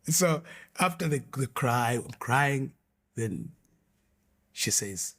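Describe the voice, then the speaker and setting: Husky man telling an earnest testimony. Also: medium pitch, animated, a bit bright. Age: 20s or older, adult. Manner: earnest, halting storytelling with repeated restarts. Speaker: guest telling his testimony. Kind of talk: emotional personal testimony.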